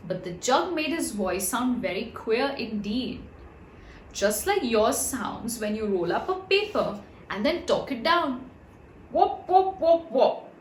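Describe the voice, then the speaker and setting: A woman reading a children's storybook aloud, gentle and expressive, with chatty asides to young listeners. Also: on the high side, unhurried, a little hiss or hum. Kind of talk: children's read-aloud narration. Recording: roomy echo.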